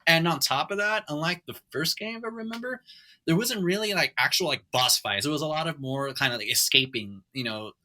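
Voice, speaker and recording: A father who is a guest on a gaming podcast, talking eagerly about a favourite game. His voice is mid-pitched and strikingly bright. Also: a little fast. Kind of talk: casual chat.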